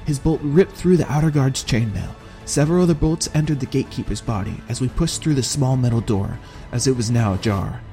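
A man narrating a fantasy audiobook in the first person, with steady, measured storytelling. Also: mid-range voice, soft background music.

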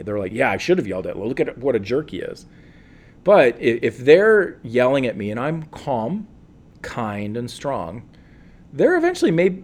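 A man, a counselor, answering interview questions in a calm, earnest and reflective way, with many fillers and restarts. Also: medium pitch. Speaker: guest, counselor.

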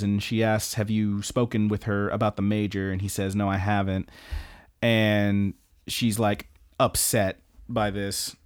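A man's voice: lowish voice, clean tone. Laid-back man recapping anime, cursing freely. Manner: rambling, profane, laughs often. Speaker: podcast co-host. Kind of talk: casual recap chat.

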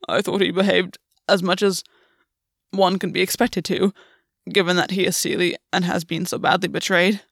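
A woman's voice: on the low side, little pitch movement, normal speed, vocal fry, no room sound, studio quality. A woman voicing a proud, wounded male fae warrior who answers in strained, clipped lines, from a reader of fan fiction.

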